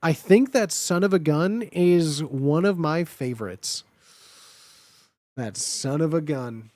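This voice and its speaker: A man's voice: a little high, animated, slow pace, a little mellow, no echo. A young man hosting a comedic tier-list show, riffing mock-seriously on catchphrases and repeating them in put-on voices. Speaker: host ranking phrases.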